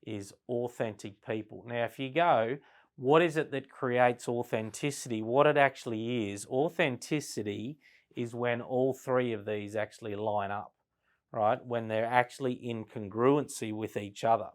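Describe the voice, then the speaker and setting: A man leads a business lesson in a relaxed, conversational way. He keeps checking in with his listeners with "right?" and shifts his speed and loudness to show how tone changes meaning. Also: medium pitch. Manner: conversational, frequent "right?" tag questions; slows down and varies volume to demonstrate tone. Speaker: business sales trainer. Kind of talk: classroom lecture at a flip chart.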